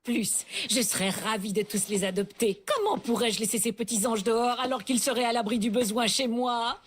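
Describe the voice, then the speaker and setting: A woman dubbing a cheerful young woman in a French video game, with a bright sing-song voice. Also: fairly high pitch, fairly even intonation, a little fast, a little hiss or hum, close to an everyday voice. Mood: sweet. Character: cheerful young woman dreaming of adopting kittens.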